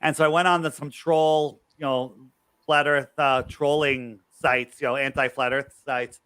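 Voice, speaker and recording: A man being interviewed as a guest, telling a story emphatically with quick asides and acting out what other people said. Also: medium pitch, level tone, a bit bright, smooth. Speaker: guest researcher.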